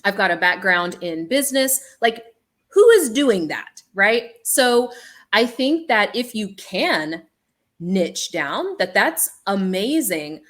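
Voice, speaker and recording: A woman speaking as an initiated shaman with a business background on a panel, an animated storyteller with many ums. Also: medium pitch, takes it slowly.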